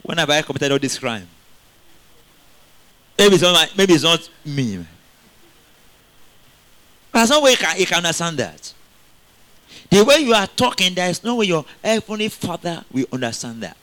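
A man preaching a sermon in an animated way, asking the congregation questions and laughing often. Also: on the high side, moderate pace, long pauses.

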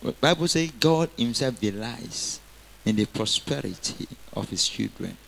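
A male preacher delivers an energetic sermon. He quotes scripture and has the congregation repeat his lines back to him. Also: mid-range voice, measured pace, creaky, slight background noise.

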